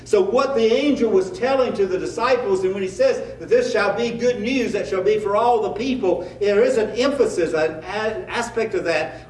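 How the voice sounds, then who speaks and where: A man's voice: sits high, a little mellow, slight background noise. A man preaching a sermon as a pastor, in a conversational style with rhetorical questions. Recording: echoey room, mic at a distance.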